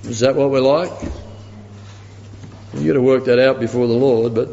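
A man preaching a sermon, telling a story and quoting others with animated delivery. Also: mid-range voice, moderate pace, vocal fry, a little hiss or hum. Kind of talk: sermon with anecdote. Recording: dull sound with long reverb in a hall.

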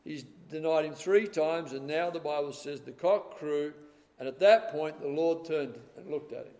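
A man preaching a sermon, swinging between loud dramatic passages and hushed, quiet ones. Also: fairly high pitch, normal speed. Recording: long hall reverb.

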